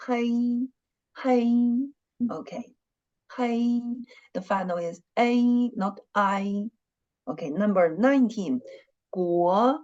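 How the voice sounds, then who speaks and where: A woman teaching an online language lesson, talking slowly and patiently and repeating syllables and tones again and again. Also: mid-range voice, a little mellow, highs cut off. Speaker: Chinese teacher.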